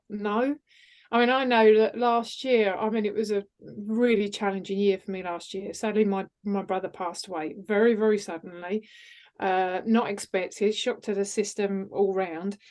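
A woman's voice: medium pitch, moderate pace. Emphatic woman coach. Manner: earnest and emphatic, repeats phrases for stress. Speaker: guest, executive coach. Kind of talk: casual interview chat.

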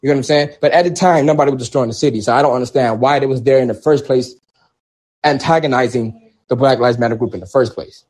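A man's voice: medium pitch, quick pace, a little mellow, slightly rough. A man telling an emphatic personal story in a discussion, repeating himself in casual street speech. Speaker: protest organizer.

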